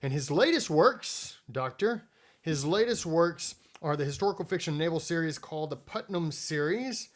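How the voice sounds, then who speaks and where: A man's voice: fairly high pitch, lively intonation, moderate pace. Joking, rambling man hosting a podcast. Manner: joking, rambling, self-mocking. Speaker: podcast host. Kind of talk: casual podcast chat.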